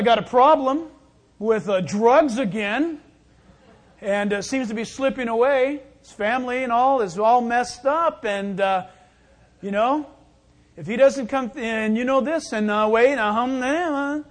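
A man voicing a gossiping churchgoer who prays aloud in a hesitant, halting way, full of uh's. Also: extremely high pitch. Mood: mock-pious.

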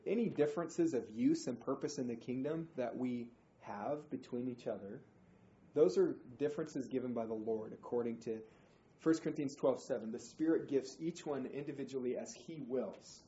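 A man teaching a Bible study group in an informal, animated way, acting out quotes with slang. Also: medium pitch, moderate pace. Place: indoor room, group class. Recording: roomy, dull, faint noise.

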